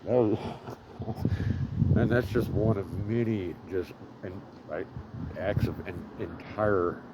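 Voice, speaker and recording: Male vlogger, lowish voice, rambling and profane storyteller, outdoor take with loud traffic noise. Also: takes it slowly. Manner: profane, rambling, full of fillers. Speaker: vlogger living homeless.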